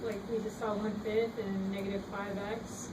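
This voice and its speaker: A woman student asking questions in class and thinking her way through a math point out loud. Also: medium pitch, flat delivery, moderate pace. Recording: distant echoey classroom, clear background noise.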